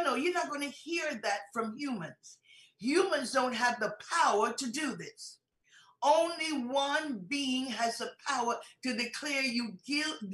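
A woman preaching a teaching sermon with a bright, forceful edge and a slightly high voice. She drives her points home with repetition and rhetorical questions. The sound rings out with the echo of a large hall. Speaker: bishop teaching a conference. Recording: roomy echoey hall sound.

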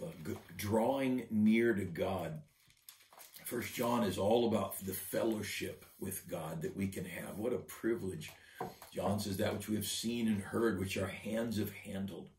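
A low, gravelly male pastor delivering an earnest devotional sermon, doubling back on his words as he presses each point. He sits a little away from the mic, so his voice rings through an echoey room. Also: darkish tone, far from the mic. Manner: earnest, repeats words while building a point.

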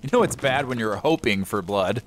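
A man's voice: mid-range voice, lively intonation, normal speed, a little hiss or hum. A man doing comedic commentary over a video game, wisecracking and laughing often. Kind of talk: comedic let's-play riffing.

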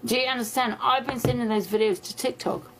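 A woman's voice: a little high, steady tone, fairly quick, a bit bright, a little hiss or hum. A woman ranting in a social media clip, insistent and repetitive. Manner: insistent, repeats herself. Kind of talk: TikTok video rant.

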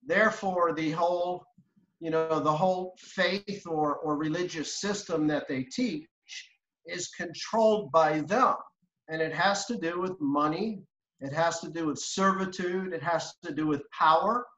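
Guy preaching hard on a church show, sharp bright voice, roomy and kinda muffled audio. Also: a little high, a little slow. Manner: fervent, building emphatic lists. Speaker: guest. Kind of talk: preaching commentary. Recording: echoey dull-sounding room.

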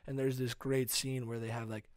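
A man co-hosting a comedy podcast, telling absurd stories in a deadpan, casual way. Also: mid-range voice, moderate pace, dry recording, studio quality. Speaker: podcast co-host.

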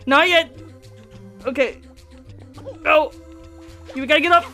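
A woman's voice: high-pitched, slow, bright, forceful tone, faint music behind. A woman co-hosting a let's play in casual chat, teasing and playful, giggling often.

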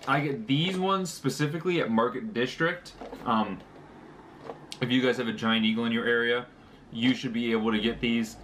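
A man's voice: mid-range voice, moderate pace, fairly bright tone, slight background noise. A young man talking casually through a snack review, chatty and joking, with fillers as he lists details. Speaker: vlogger.

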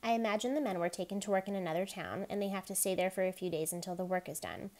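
A woman's voice: medium pitch, quick pace, darkish tone, close to an everyday voice. A woman reading a novel aloud, voicing a curious, friendly young boy in a slightly raised voice. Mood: eager.

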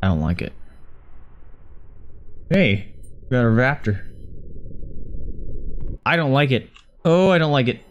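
A man's voice: medium pitch, sing-song, takes it slowly, long pauses, highs cut off, a little hiss or hum. A man commentating a horror game in a panic, swearing and repeating words in frantic bursts. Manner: swears and yelps at scares. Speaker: gaming video host. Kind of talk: frightened let's-play commentary.

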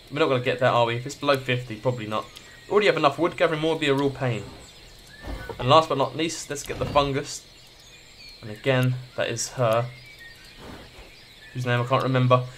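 A man's voice: medium pitch, fairly bright tone, slight background noise. A man doing casual gameplay commentary, swearing freely and reading the game's text aloud. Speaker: gaming video creator.

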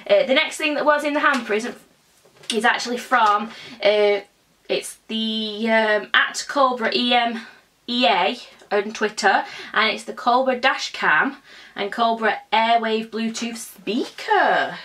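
A woman's voice: fairly high pitch, sharp tone, far from the mic. Bubbly young woman vlogging. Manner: bubbly and chatty, with drawn-out exclamations. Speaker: beauty vlogger. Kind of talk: casual unboxing chat.

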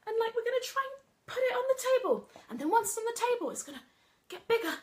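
A woman's voice: very high-pitched, sing-song, quick pace, a little mellow, pitched above the performer's own voice. A woman voicing Miss Sparkle, a bubbly children's entertainer telling a make-believe story to small children in a sing-song way. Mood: gleeful sing-song. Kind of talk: acting out a nursery story.

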